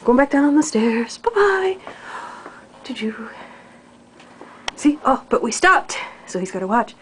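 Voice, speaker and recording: A woman's voice: fairly high pitch, lively intonation, normal speed, a little hiss or hum. Woman cooing baby talk at her cat. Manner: sing-song baby talk, coaxing, drops to soft whispers. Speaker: cat owner filming her pet. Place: house stairway, indoors. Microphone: handheld camera mic.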